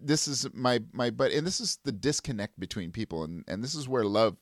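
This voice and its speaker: A man's voice: mid-range voice, animated, a little fast, slight background noise. A man co-hosting a podcast, reflecting in casual chat and sometimes acting out angry drivers. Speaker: podcast co-host. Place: Washington State.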